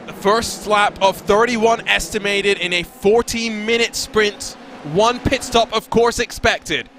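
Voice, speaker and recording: A man calling an online race as lead commentator, fast and energetic, his voice going hoarse. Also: high-pitched, noisy background. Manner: fast, energetic, rises in excitement. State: voice getting hoarse. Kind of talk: sim racing play-by-play commentary.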